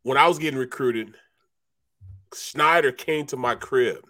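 A man's voice: mid-range voice, a little slow, sharp tone. A man from St. Louis co-hosting a sports talk show and telling laid-back stories, saying "man" and "you know" a lot. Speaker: sports talk show co-host, former football player. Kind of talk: casual sports talk storytelling.

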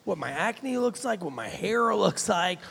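Crude rambling host, gravelly and swooping, in a reverberant hall. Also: male voice, high-pitched, lively intonation, unhurried, fairly bright tone, slight background noise. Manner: rambling, profane, joking. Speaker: podcast host. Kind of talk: crude casual chat.

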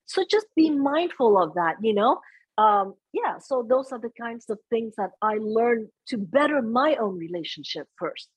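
A woman guesting on a casual podcast conversation, talking in a lively, earnest way with pitch that jumps up when she stresses a point. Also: unhurried, slightly rough, no room sound, poor audio. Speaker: guest, stage emcee.

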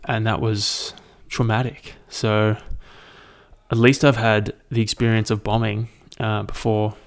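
A man's voice: fairly low pitch, flat delivery, unhurried. A young man, rambling and swearing casually as he hosts a solo podcast. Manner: rambling, sweary, self-deprecating. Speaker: podcast host.

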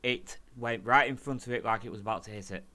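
A man co-hosting a podcast in casual chat, animated, laughing often and swearing freely. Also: mid-range voice, fast talker. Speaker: podcast co-host.

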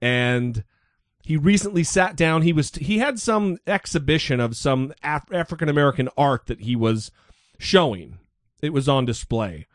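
A man's voice: on the high side, animated, normal speed, no room sound. A man co-hosting a podcast, talking casually and mocking the news with sarcasm. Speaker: podcast co-host.

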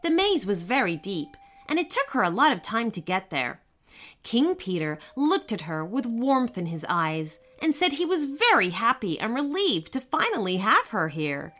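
Bright, expressive woman storyteller. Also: medium pitch. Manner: expressive, unhurried. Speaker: narrator. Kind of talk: children's story reading.

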